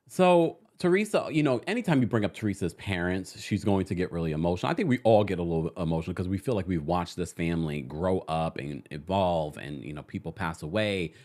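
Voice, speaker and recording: A man hosting a casual reality TV recap, talking to his viewers and reading their comments aloud. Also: low voice. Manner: animated, acts out quotes, reads viewer comments.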